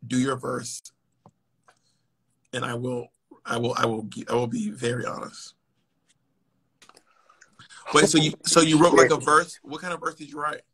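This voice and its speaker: A man's voice: medium pitch, steady tone, moderate pace, long pauses, fairly bright tone, slightly rough. An American man hosting a live stream over a phone, chatting casually with a guest in a blunt, teasing, playful way.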